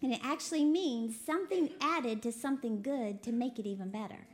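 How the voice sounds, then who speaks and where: A woman from Texas preaching a lively sermon, laughing often and quoting voices as she talks. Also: on the high side, fairly quick. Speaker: preacher co-hosting a broadcast. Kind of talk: sermon to a women's audience.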